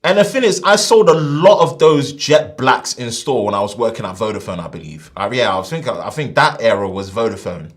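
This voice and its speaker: A man hosting a casual tech live stream, animated and slangy, swinging between loud bursts and quiet asides. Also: mid-range voice, brisk, hardly any pauses.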